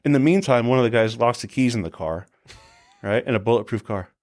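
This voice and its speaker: A man working in celebrity security, telling profane, animated stories as a podcast guest and acting out the people in them. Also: medium pitch, a little fast, soft background music. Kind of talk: casual anecdotal storytelling.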